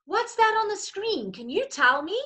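Very high-pitched, lively teacher. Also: female voice, normal speed. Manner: animated, playful, coaxing. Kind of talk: reading a picture story to young children.

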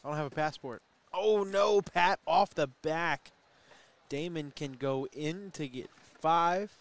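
A man's voice: on the high side, creaky. Hiccuping man calling cornhole. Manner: chatty, joking, quick asides about the play. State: has the hiccups. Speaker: play-by-play commentator. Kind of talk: casual sports commentary.

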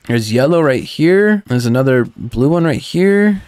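Excitable man with a bouncing, lively voice. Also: on the high side, unhurried, no room sound. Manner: excited, talks sweetly to game characters. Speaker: gaming channel host. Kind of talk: let's play commentary.

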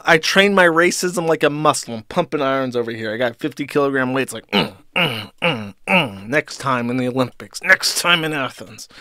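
Male stream host, sarcastic and crude, slightly higher voice with a bright edge. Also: no room sound, studio quality. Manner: sarcastic, profane, mocking. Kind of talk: commentary reading posts aloud.

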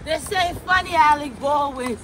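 Super high squeaky woman rambling backstage, loud and manic, shrieks a lot, noisy in the background. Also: moderate pace. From United States. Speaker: comedian and performer.

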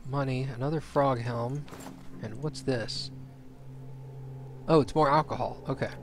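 A man's voice: medium pitch, a little slow. A man streaming a fantasy role-playing game, chatting casually, laughing and gushing over cute finds. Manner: excitable, laughs often, squeals over cute things. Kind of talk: casual gameplay commentary. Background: game music.

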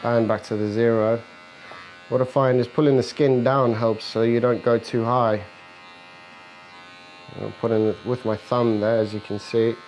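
A male barber walks through each step of a fade while he cuts. His voice sits at an ordinary middle pitch, relaxed and matter-of-fact, with electric clippers buzzing faintly in the shop behind him. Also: normal speed, pauses often, slight background noise, rough recording. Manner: relaxed, instructive, joking with his client. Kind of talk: narrating a haircut while working. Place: barbershop, indoors.

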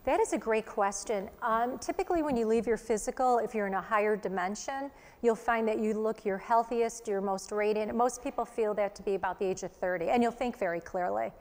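A woman's voice: a little high, a little mellow. A woman working as a psychic medium, chattily giving live readings to a studio audience. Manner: chatty, quick, relaying messages in asides. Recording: long reverb in a studio hall.

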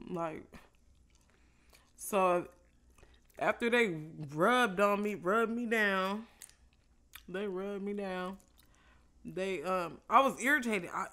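A woman vlogger telling a casual story while eating, loose and profane, with animated reenacted exchanges. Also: mid-range voice, measured pace, pauses often.

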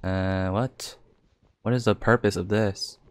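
Swearing, fast-reacting young male gamer. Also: fairly low pitch, fairly even intonation, a little hiss or hum. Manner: reactive, swears and exclaims often, thinks aloud. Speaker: gaming YouTuber. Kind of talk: live game commentary.

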